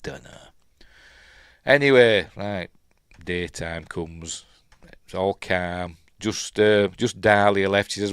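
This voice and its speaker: Rambling Yorkshire man, low voice. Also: takes it slowly, pauses often, clean tone, dry recording, clean studio sound. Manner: rambling, chuckling, full of fillers. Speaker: host. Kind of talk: casual film commentary.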